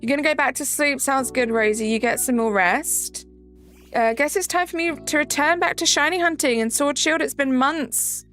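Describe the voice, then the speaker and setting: A woman's voice: high-pitched, normal speed, fairly bright tone, soft background music. A woman with a Southern English accent, hosting a live stream in casual chat, greeting viewers by name and reading the chat aloud. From south of England.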